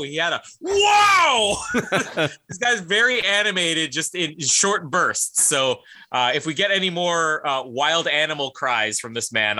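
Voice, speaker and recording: A man co-hosting a casual video-call chat, animated and laughing as he talks. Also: a little high. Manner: animated, laughs between phrases. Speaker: co-host.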